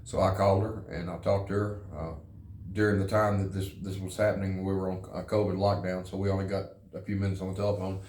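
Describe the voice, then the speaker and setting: Deep, flat-voiced man in an echoey room. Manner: halting and earnest, repeats words. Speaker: interviewee, former prisoner in a recovery program. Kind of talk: personal testimony.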